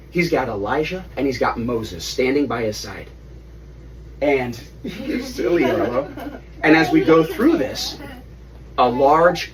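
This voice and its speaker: At the family home, a father in his thirties leads a Bible study, retelling a story to his children with animation and pausing to quiz them. His voice is mid-range, captured on a distant mic with faint room ambience.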